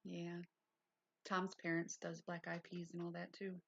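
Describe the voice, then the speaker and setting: An older woman hosts a livestream, chatting casually with viewers and rambling as she answers them. Her fairly low, creaky voice stays monotone and moves a little slowly, with no room sound. The stream audio is dull and lo-fi, carrying a faint hiss.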